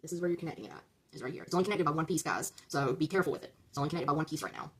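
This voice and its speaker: Fast-talking husky woman giving step-by-step instructions. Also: deep voice, lively intonation. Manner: talks viewers through each step, checking in with "okay?"; chatty, stumbles over numbers and corrects herself. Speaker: LEGO build-along host.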